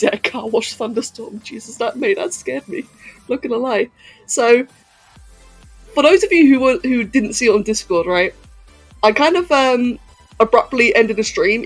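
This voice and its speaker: A woman's voice: fairly high pitch, animated, normal speed, faint music behind. A woman chatting casually on a live stream, hyper and giggly, answering chat messages as she goes.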